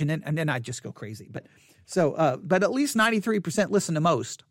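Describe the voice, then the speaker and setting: Animated podcaster with a lively voice. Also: mid-range voice, a little fast, no echo, studio quality. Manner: animated, incredulous asides, frequent restarts. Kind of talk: solo podcast commentary on listener statistics. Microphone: studio microphone up close.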